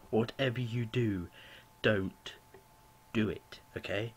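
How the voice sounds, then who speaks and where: A man's voice: on the low side, a little slow, husky. A young man rambling through a home video rant, apologizing often and leaning on "you know" fillers. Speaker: vlogger. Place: home room with a cat.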